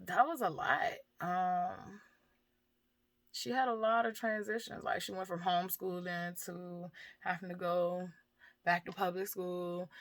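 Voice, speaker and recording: Low-voiced woman, frank and profane, half-laughing through heavy subjects, dry close recording. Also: fairly bright tone, dry recording. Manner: candid, swears freely, laughs through hard topics. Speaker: mother and vlogger. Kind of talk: casual personal talk about grief.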